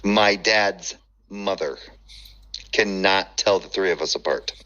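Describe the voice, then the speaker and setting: A man telling stories in casual chat, profane and animated, acting out the voices he quotes. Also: low-pitched, slow, lo-fi sound.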